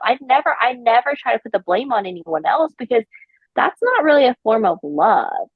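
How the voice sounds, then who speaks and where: A woman's voice: medium pitch, animated, brisk, husky, dry recording, lo-fi sound. A woman, a flight attendant and podcast guest, chatting casually in a rambling way full of fillers. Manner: rambling, filler-heavy storytelling. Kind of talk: casual chat.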